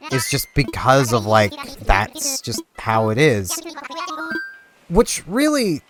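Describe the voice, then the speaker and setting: A young man from Canada chats casually over a game, wandering from thought to thought with plenty of fillers and restarts. His pitch swings up and down in a lively way, and game music plays clearly behind him. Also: slow pace. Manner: rambling, chatty, with frequent fillers and restarts. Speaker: gaming video host. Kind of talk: casual gameplay commentary.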